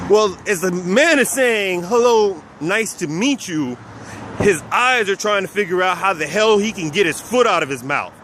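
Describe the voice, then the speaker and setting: A man's voice: sits high, moderate pace, bright, forceful tone, slight background noise. A man from South Texas casually telling personal stories, speaking of himself as "we" and chuckling now and then. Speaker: vlogger.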